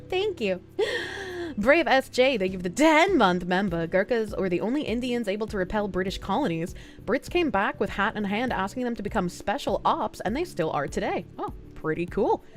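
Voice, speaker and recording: A woman's voice: mid-range voice, big pitch swings, normal speed, soft background music. A woman livestreamer chatting casually and reading viewer messages aloud with frequent thanks, feeling sick with nausea and hiccups, often laughing.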